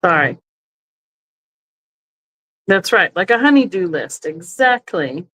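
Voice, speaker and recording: A woman's voice: lowish voice, very animated, slow, a bit bright, poor audio. Chatty woman hosting a live sale. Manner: chatty, thinks aloud, self-correcting. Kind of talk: casual live-stream selling. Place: indoors, seated in a chair.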